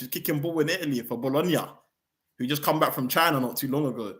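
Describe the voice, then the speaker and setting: A man's voice: fairly high pitch, quick pace, a bit bright. A young man, ranting angrily about his football team on his fan channel, firing off heated rhetorical questions and slang.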